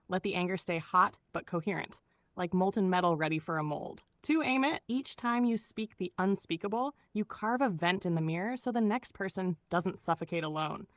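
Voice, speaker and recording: A woman's voice: mid-range voice, fairly bright tone, no echo. A woman's voice, an AI co-host delivering an intense, conspiratorial pep talk that counts off steps, recorded close and dry. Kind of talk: scripted motivational talk.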